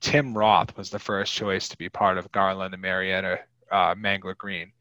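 A man's voice: deep voice, level tone, normal speed, sharp tone, no room sound, lo-fi sound. A man hosting a podcast, chatting casually about a film in a rambling, wry way. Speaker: podcast host.

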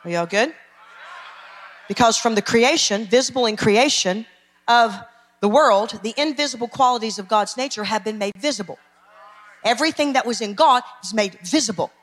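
A woman's voice: fairly high pitch, moderate pace, long pauses. A woman pastor, preaching an emphatic sermon and calling out to her congregation. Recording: long hall reverb.

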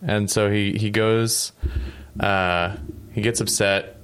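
A man with a very low, smooth, resonant voice chats on a podcast. He rambles through a story with a joking tone, dropping into quick acted-out lines for the characters. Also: level tone, a bit bright. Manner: rambling, jokey, acts out quoted lines. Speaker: podcast co-host. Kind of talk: casual chat retelling a story.

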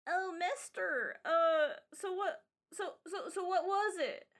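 A woman's voice: very high-pitched, lively intonation, slow pace, fairly bright tone, voice pushed up, exaggerated voice. A woman voicing an eager, timid little boy who stammers and hesitates in a tabletop game. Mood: curious.

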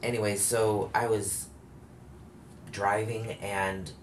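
A man's voice: on the low side, little pitch movement, takes it slowly, slight background noise. A man in a candid, casual conversation, telling a long personal story with frequent fillers and self-corrections. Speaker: guest telling his story.

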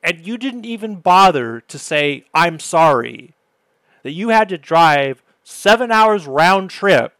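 A man hosts a podcast in casual chat, his voice smooth and resonant on a close, dry mic. He tells his story with animated exasperation. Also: high voice, measured pace, few pauses, dry recording. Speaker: podcast host.

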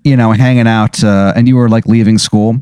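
A man's voice: lowish voice, fairly even intonation, fairly quick, a little mellow, clear, resonant tone, no echo. A man on a comedy podcast improvising an absurd story, rambling through it with constant fillers and swearing. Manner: rambling delivery full of fillers and profanity. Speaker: podcast guest.

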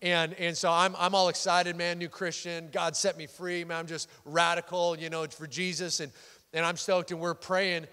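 A loud, excitable man preaching a sermon as a pastor, animated and full of quick restarts. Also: on the high side, smooth. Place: church sanctuary. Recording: long hall reverb.

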